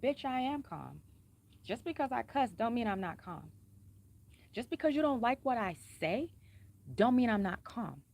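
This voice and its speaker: A woman vlogging in a casual, blunt way, cussing freely and speaking pointedly with emphatic repetition, keeping her voice calm and unraised. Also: normal speed. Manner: says she is a singer who keeps her voice calm and low-key. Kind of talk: casual personal talk to camera.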